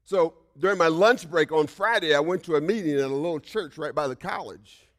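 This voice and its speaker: A male pastor preaching a sermon, telling a personal story with frequent "right?" asides and swings between loud outbursts and hushed whispers. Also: a little high, fairly quick.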